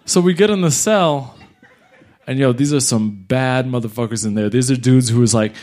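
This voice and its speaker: A man doing stand-up storytelling, animated and slangy, jumping in and out of character voices. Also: mid-range voice, moderate pace. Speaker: stand-up comedian.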